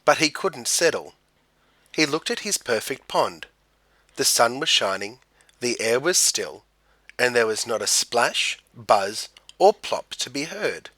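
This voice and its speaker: A man reading a children's picture book aloud in an expressive storytelling manner. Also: medium pitch, unhurried, dry recording. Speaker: storybook reader.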